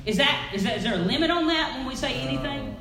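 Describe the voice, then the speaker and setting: A woman preaching a sermon in a church, swinging from loud calls to near-whispers. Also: high-pitched, expressive, fast talker. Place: church sanctuary. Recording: echoey church with faint noise.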